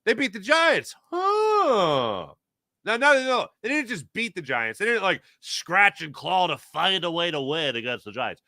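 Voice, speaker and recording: A man talking sports on his own show, his voice bright and forceful with a lively, swinging pitch. He speaks emphatically, tells stories with quick asides and answers live chat. The sound is close and dry. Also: no room sound. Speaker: sports talk show host. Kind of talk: casual sports talk, reading live chat.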